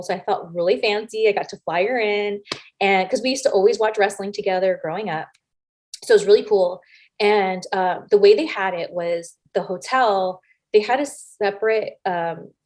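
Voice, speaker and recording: Brief: woman in an interview, mid-range voice, frank and animated storyteller who voices the people she quotes. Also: mid-range voice. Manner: animated, acts out quoted lines with big voice shifts; frank, swears casually. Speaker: interview guest, former wrestler. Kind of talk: casual storytelling anecdotes.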